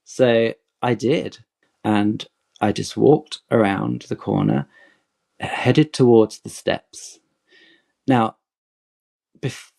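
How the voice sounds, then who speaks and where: A man in his forties with a low, gravelly voice, telling an animated, rambling story on a podcast. He acts out the lines of the people in his tale and wanders off on tangents before returning to the point. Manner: animated, digressive anecdote with acted-out quotes.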